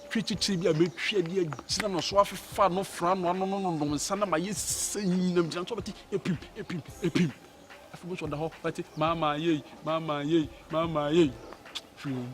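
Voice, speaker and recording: A young man with a Ghanaian accent, acting a lovesick suitor who pleads and rambles excitably in a comedy film. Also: a little high, fairly quick, natural voice. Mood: complaining. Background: film music.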